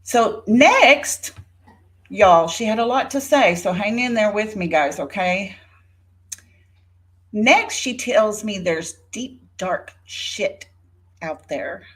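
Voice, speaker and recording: A woman's voice: mid-range voice, lively intonation, slow, a bit bright. A woman in her fifties giving an indignant, sarcastic rebuttal on her vlog, speaking straight to a rival by name. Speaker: YouTuber. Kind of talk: rebuttal vlog talking to viewers.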